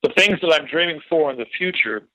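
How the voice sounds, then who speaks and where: A man answers podcast questions in an earnest, reflective way and stumbles over words as he begins a thought. His voice is bright and forceful. The recording is dry and close. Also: a little high, animated, quick pace, no echo, poor audio. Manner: earnest, reflective, repeats words as he starts sentences. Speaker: podcast guest, drummer. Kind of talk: casual interview chat.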